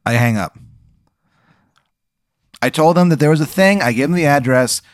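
Halting man in his thirties. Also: a little high, animated, no echo, studio quality. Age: 30s. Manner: halting, hesitant, repeating words. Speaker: guest answering a hypothetical. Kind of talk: casual improvised chat.

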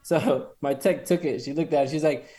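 A man co-hosting a podcast, telling a workplace story in an animated way and laughing as he goes. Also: fairly high pitch, normal speed. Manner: animated, laughs through stories. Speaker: podcast co-host. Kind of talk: casual storytelling.

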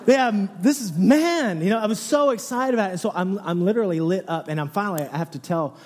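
A man in his thirties delivers a sermon as an animated storyteller, his voice sitting a little high for a man. He moves from low, hushed passages to bursts of excited near-shouting. The sound carries a long reverb, as from a large church hall. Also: quick pace. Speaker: pastor.

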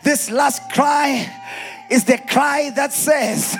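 A South African pastor delivers his sermon in a sing-song, chanting cadence, building into shouted emphasis. His voice sits very high and carries a gravelly edge, and he takes his time with each phrase. Soft music plays faintly behind him. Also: fairly even intonation, drawn-out words.

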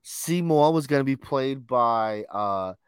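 A man's voice: medium pitch, animated, slow pace, clean tone, no echo, clean studio sound. A man co-hosting a podcast in casual chat, enthusiastic and calling his co-host "bro".

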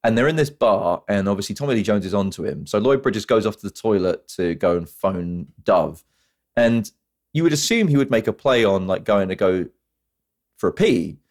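Male podcast co-host, lowish voice, very lively delivery, storyteller. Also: moderate pace. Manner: animated storytelling, acts out scenes in mock voices. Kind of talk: casual film-review chat.

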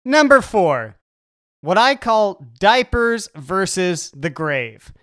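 A podcast host in a casual chat, ranting in a profane and darkly funny way. The voice sits in a middle pitch. The recording is dry and close. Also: very animated, slow, dry recording. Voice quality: profane, dark humor, ranting. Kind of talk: casual chat, comic rant.

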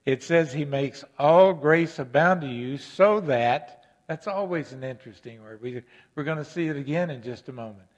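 A male pastor preaching a sermon, gentle and earnest, rising to emphatic questions and repetition. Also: medium pitch, highs cut off.

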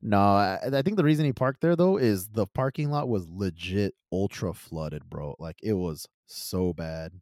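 Profane, animated young-sounding man storyteller. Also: lowish voice, a little slow, few pauses, no room sound, studio quality. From California. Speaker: podcast co-host. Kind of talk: casual chat.

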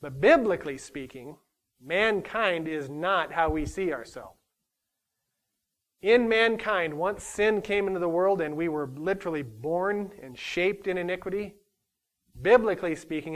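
Middle-aged male Bible teacher, fairly high voice, lively casual preaching with jokes at his own expense. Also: measured pace. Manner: conversational, animated preaching with self-deprecating humor. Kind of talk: sermon.

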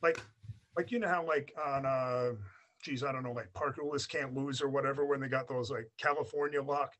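In a casual storytelling interview, a forties-aged guest with a blended American-Australian accent, the product of an American upbringing in Australia, chats loosely with plenty of fillers. He talks briskly in a medium-pitched, fairly bright voice with fairly even intonation.

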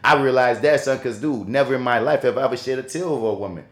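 A man co-hosting a podcast, talking in a casual, animated and profane way, acting out quotes as he tells stories. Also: medium pitch, fast, echoey room. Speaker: podcast co-host.

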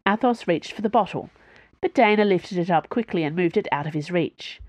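A woman reading a story aloud in an even, measured narration. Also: on the low side, no room sound. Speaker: audiobook narrator. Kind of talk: scripted narration.

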